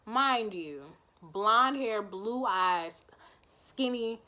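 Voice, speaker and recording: A woman vlogger telling a storytime tale in an animated, chatty, profane way. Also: fairly high pitch, drawn-out words. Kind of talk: storytime vlog.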